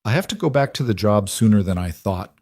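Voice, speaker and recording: A man voicing a remorseful adult woman who gently tells a child hard news, soft and slow. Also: on the low side, lively intonation, no echo, clean studio sound. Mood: gentle.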